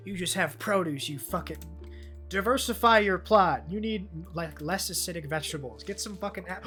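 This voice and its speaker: A man's voice: high voice, normal speed, pushed and bright, faint music behind. A man streaming a game with casual, profane, rambling commentary, easily delighted by small things.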